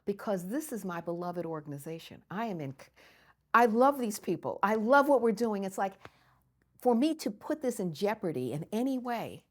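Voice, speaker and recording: An older woman from the United States, recounting memories in an interview with lively storytelling and frequent laughter. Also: mid-range voice, normal speed. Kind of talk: oral history storytelling.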